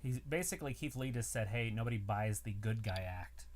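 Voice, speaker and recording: A man co-hosting a live wrestling watch-along, chatting casually and speculating out loud about where things are heading. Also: lowish voice, fairly quick. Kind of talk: casual live reaction chat.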